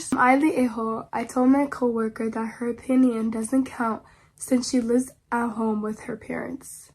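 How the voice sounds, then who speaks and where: Husky-voiced chatty woman reacting online. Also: on the high side, darkish tone. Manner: chatty and slangy, with dramatic pleading to viewers. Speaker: YouTuber reacting to online posts. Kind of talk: casual reaction commentary, reading posts aloud.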